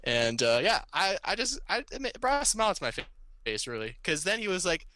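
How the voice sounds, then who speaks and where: A man's voice: a little high, fast talker, no echo. A man, a regular on a podcast, casually telling a story and acting out the voices of the people in it. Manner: animated, acts out quoted voices.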